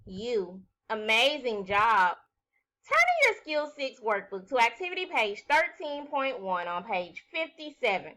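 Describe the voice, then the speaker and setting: Bright, slow-talking woman teacher. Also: on the high side, big pitch swings. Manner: slow, clear, encouraging, sounding out words. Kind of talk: recorded phonics lesson for young children.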